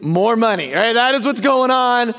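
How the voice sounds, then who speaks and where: A man with a very high speaking voice preaches in a relaxed, chatty way, cracking jokes and asking the crowd if they follow. His words ring out with the long reverb of a church sanctuary. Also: moderate pace. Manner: joking, keeps checking in with the congregation. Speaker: pastor. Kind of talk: casual conversational sermon.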